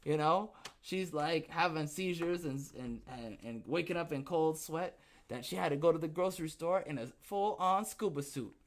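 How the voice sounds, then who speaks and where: Rambling, laughing male podcast host, high-pitched. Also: normal speed. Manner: rambling, laughing, fond of "okay?" tags. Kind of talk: casual livestream chat.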